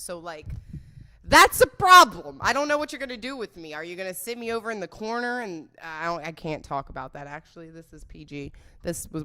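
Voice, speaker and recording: Lively, foul-mouthed young woman podcaster. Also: lowish voice. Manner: animated, profane and joking. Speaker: podcast host. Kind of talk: casual podcast storytelling.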